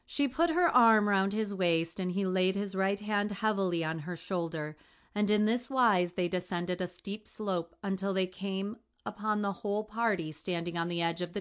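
Reading in a smooth, lowish voice, a woman narrates a classic adventure novel as an audiobook, giving each character's lines a slight change of voice. It's scripted narration.

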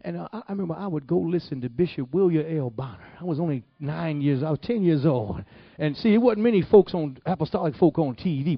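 A man from the Detroit area preaching, telling his testimony in an animated, folksy way. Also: on the high side, no room sound. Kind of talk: sermon testimony storytelling. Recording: dull lo-fi, dry sound.

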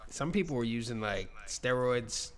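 A man in casual chat, animated and slangy, laughing often. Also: mid-range voice, moderate pace, a little hiss or hum.

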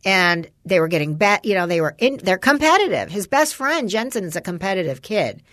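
A woman's voice: mid-range voice, a little fast, dry recording. Chatty woman with dry close sound. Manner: rambling storyteller, quotes her son in lively voices, swears casually. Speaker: parent chatting with a friend. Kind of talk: casual chat.

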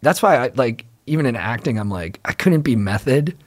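Blunt, profane guest actor, mid-pitched man. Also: expressive, normal speed. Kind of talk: casual chat.

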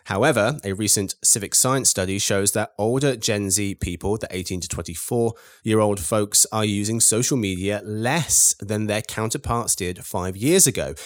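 Brief: male podcast host, lower voice, playful game-show energy, dry studio mic. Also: moderate pace, few pauses, no room sound. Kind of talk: hosting a panel podcast.

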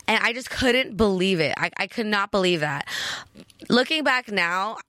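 A woman's voice: medium pitch, animated, moderate pace, pushed and bright, dry recording, studio quality. A young woman, hosting a podcast and telling a personal story in casual, slang-filled talk. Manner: chatty, peppers speech with "like" and slang. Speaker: podcast host.

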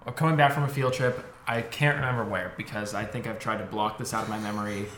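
A young man co-hosting a podcast, telling an animated story in casual chat, swearing often. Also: fairly low pitch, quick pace. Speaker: podcast co-host. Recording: roomy room with faint noise.

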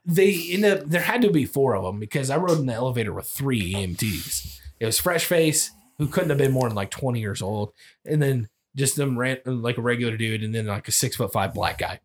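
A man's voice: medium pitch, a little fast, a little hiss or hum. A man telling a wild story on a casual podcast, swearing often and laughing as he goes. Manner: profane, laughing, animated retelling. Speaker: storyteller guest.

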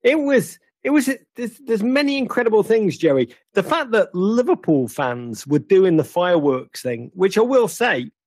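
A man's voice: high voice, very animated, moderate pace, few pauses, darkish tone, breathy edge, dry recording, clean studio sound. A man hosting a football chat, telling stories theatrically and teasing his caller playfully. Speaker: host.

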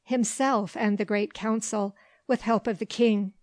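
A woman's voice: medium pitch, steady tone, unhurried, dry recording, natural voice. A woman voicing a chatty old man who rambles on with village gossip in an audiobook. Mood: gossipy.

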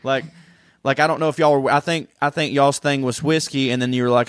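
A young man, co-hosting a podcast and spinning long, loose stories peppered with swearing. His voice sits at an ordinary middle pitch. The sound is close and dry, with no room around it. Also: steady tone, quick pace, no echo. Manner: rambling storyteller, swears freely. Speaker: podcast co-host. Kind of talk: casual chat.

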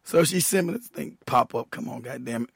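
A man's voice: mid-range voice, lively intonation, fairly quick, creaky, husky, no room sound. A man hosting a profane livestream rant, heated and laughing often, who trails off as he fiddles with his computer. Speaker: show host, military veteran.

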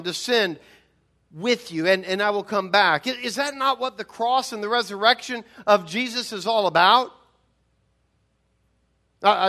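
A man's voice: high-pitched, pushed and bright. A man preaching a sermon, emphatic, with rhetorical questions and frequent repeated words. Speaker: pastor.

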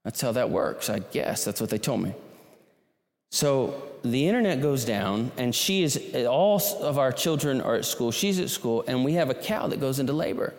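A man at normal speed spins a lengthy, self-deprecating personal tale for a live crowd, wandering off and starting over many times. His medium-pitched voice is animated, and the sound carries a long hall reverb.

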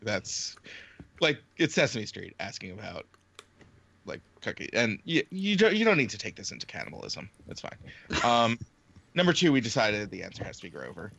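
A man's voice: lowish voice, sing-song, normal speed, vocal fry, pushed and bright, breathy edge. A man hosting a podcast in casual chat, rambling with fillers and laughing often. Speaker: podcast host.

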